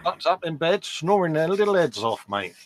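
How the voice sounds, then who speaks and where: A man's voice: a little high, very animated, normal speed, slight background noise. A man joining a live model-making stream as a guest, teasing the host in dry, matey banter. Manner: teasing, dry, calls people mate, laughs often. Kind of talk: casual late-night banter.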